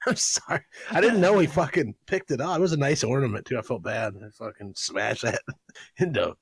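A man's voice: medium pitch, animated, brisk, husky, dry recording. A young man co-hosting a podcast, rambling through crude stories and laughing as he goes. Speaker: podcast co-host. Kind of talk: profane casual storytelling.

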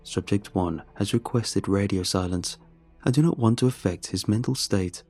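A man's voice: on the low side, normal speed, a little mellow, slightly rough, soft background music. A man voicing a cold, authoritative male lead doctor in a horror story. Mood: composed.

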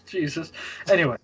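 A man's voice: high-pitched, breathy edge, rough recording. A man chatting casually about movies, rambling and stammering, laughing hard at his own jokes. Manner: giggly, rambling, self-deprecating. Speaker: podcast co-host.

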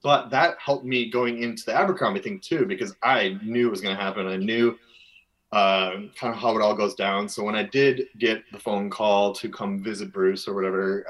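A man's voice: on the low side, steady tone, brisk, a bit bright, low-quality recording. A man from Minnesota, a guest telling a long personal story in a casual interview, full of fillers and restarts. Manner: rambling, filler-heavy, earnest.

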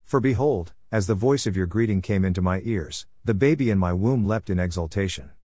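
Joyful older woman crying out a formal blessing, as read by a man. Low voice, dry and close. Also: a little fast, warm tone, dry recording.

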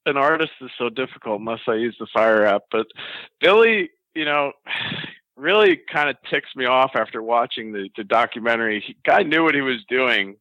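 Bright-voiced man telling a story. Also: mid-range voice, moderate pace, no echo, muffled recording. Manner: animated, laughs at his own story. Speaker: interview guest. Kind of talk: casual storytelling.

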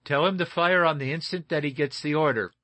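A man's voice: on the high side, fairly quick, pushed and bright, pitched above the performer's own voice. Man doing a decisive young captain. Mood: commanding. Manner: commanding orders.

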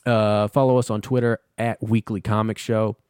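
A man's voice: on the low side, level tone, normal speed, a little mellow, clear, resonant tone, no room sound, studio quality. A man hosting a comic book podcast, recapping an issue in a loose, rambling way and swearing often.

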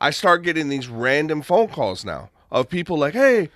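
A man's voice: moderate pace, no room sound, clean studio sound. A man co-hosting a casual podcast, telling a story with lots of energy and acting out phone calls. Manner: animated storyteller who acts out phone calls in a high mimicking voice. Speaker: podcast co-host, restaurant owner.

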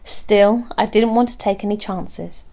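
A woman, reading a first-person story in a steady, low-key way. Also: unhurried, vocal fry. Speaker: audiobook narrator.

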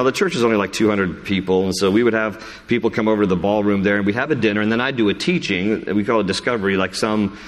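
A man pastoring a congregation through a question-and-answer sermon, loose and conversational, poking fun at himself. His voice sits fairly low. The sound rings with the long reverb of a big hall. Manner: conversational, self-deprecating, animated when quoting others.

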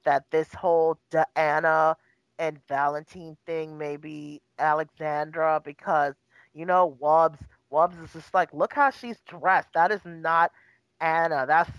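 A woman's voice: low voice, steady tone, slow pace, no room sound, poor audio. Exasperated sarcastic woman, dry sound. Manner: exasperated, sarcastic, acts out quotes. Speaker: podcast co-host. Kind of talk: casual chat.

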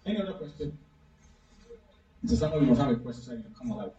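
A man's voice: mid-range voice, animated, racing, mellow. Male pastor, interactive sermon, keeps pressing the congregation with questions; echoey hall, dull sound. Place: church hall. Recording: echoey, distant, dull room recording.

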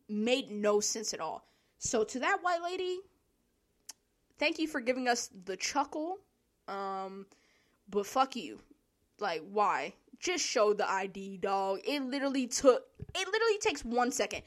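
A young woman, telling a work story in a casual, profane monologue, laughing often and acting out the people she quotes. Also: on the high side.

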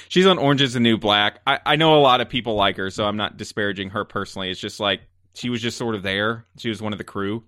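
A man co-hosting a casual movie review chat, ranting in an animated way and filling his talk with "like". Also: on the low side, fast, no room sound, clean studio sound. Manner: animated ranting, filler-heavy. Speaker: podcast co-host.

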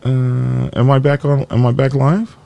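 A man's voice: mid-range voice, level tone, a little slow, creaky, warm tone, dull audio. A man hosting a casual biker news live stream, rambling and joking while dealing with his dog and computer trouble. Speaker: biker news show host.

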